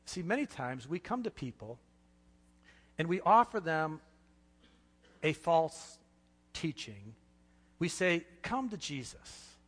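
A man's voice: fairly high pitch, very animated, slow, pauses often. Impassioned male preacher in a reverberant hall. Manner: impassioned, swings from hushed to loud. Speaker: pastor. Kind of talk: sermon.

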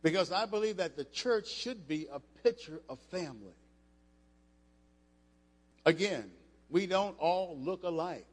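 Emphatic older preacher in an echoey hall. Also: male voice, high-pitched, lively intonation, measured pace, long pauses. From United States. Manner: emphatic, rising to loud passages, with restarts. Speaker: preacher, former football player. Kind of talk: sermon.

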